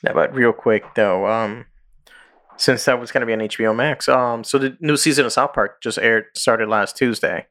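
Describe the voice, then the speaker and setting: A man co-hosting a casual podcast, retelling stories and jumping into high voices when he quotes people. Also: normal speed. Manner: animated storyteller, jumps into high voices for quoted characters. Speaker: podcast co-host.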